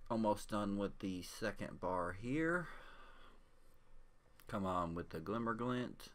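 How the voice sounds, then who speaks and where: Male gamer, deep voice, laid-back commentary into a desk mic, hiccuping throughout. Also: slow pace. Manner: relaxed, chatty, with small hiccups between phrases. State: has the hiccups. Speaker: gameplay commentator. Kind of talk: casual game commentary. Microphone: desk microphone.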